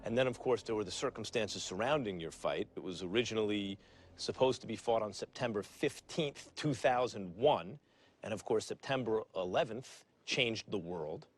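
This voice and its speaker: A man's voice: fairly low pitch, moderate pace, slight background noise. A man hosting a broadcast sports interview, asking polished, leading questions of retired boxers. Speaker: interviewer, co-host.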